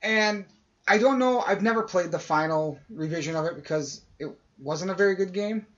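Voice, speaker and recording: A man's voice: high voice, moderate pace. A man on a podcast telling a long casual story, acting out what people said. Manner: animated anecdote-telling, acts out quoted voices. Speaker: podcast co-host. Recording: dull lo-fi audio.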